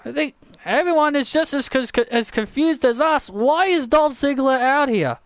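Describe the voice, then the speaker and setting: Excitable male wrestling commentator, very high voice, shouty play-by-play with stumbles. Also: moderate pace, dry recording. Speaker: wrestling commentator and channel host. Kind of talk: excited play-by-play commentary of a video game match.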